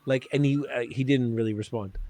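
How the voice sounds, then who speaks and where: A man's voice: medium pitch, fairly even intonation, brisk, darkish tone, no echo. A man hosting a podcast, chatting casually and rambling with swearing and fillers. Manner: loose and profane, rambling with lots of fillers. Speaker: podcast host.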